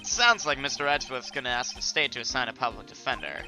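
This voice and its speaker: A man voicing a gruff, loyal male police detective in a put-on Southern accent, calling everyone "pal" while reading a video game. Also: medium pitch, expressive, fast talker, pushed and bright, faint music behind. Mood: pleading. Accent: put-on American Southern. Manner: folksy, says "pal" often. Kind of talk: Let's Play voice acting of game text.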